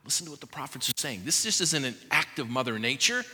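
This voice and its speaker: A man preaching to his church congregation with urgent, pleading repetition. His voice sits a touch high and sounds sharp and forceful. It rings out with a long reverb from a church hall. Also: big pitch swings, fairly quick, husky. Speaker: pastor. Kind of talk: sermon. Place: church service before a congregation.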